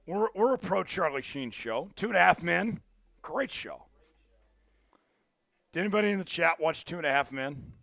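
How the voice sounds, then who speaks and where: A man hosting a live sports stream, calling plays and shouting when his team scores. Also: high-pitched, moderate pace, gravelly, pauses often, no echo. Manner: excitable, shouts big plays. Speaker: livestream sports host. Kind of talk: live play-by-play watch-along.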